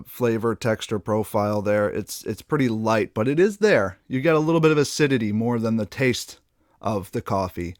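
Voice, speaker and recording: A man hosting a casual beer tasting review, chatting in a playful way and pausing between tasting notes. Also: medium pitch, no echo, clean studio sound. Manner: playful, chatty, trailing pauses while tasting.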